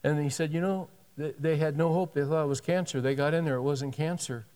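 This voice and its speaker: A man's voice: on the high side, steady tone, a little fast, a little mellow, clean tone, big-room sound. A male pastor telling a story in a sermon, animatedly acting out the dialogue of the people in it.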